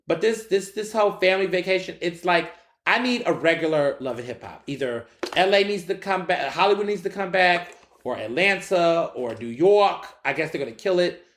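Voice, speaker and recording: Animated man hosting an echoey podcast. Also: sits high, normal speed. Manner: animated, talks straight to listeners with slangy asides. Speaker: podcast host. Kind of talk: casual solo commentary.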